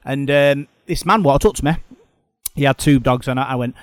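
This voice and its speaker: A man's voice: mid-range voice, moderate pace, no echo. Chatty man, rambling host. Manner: rambling, frequent restarts and repeated words. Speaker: podcast host. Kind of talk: casual chat.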